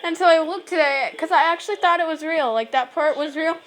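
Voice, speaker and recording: A woman's voice: very high-pitched, fairly quick, slight background noise, rough recording. A teenage girl rambling casually into her camera at home, full of "like" and giggly asides. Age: teens. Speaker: vlogger. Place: home, indoors. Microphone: camera set on a shelf.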